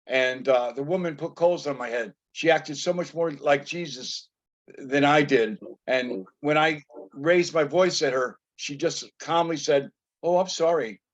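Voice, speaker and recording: A man in a church class telling a personal confession, halting and full of fillers. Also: fairly high pitch, lo-fi sound. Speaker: class member.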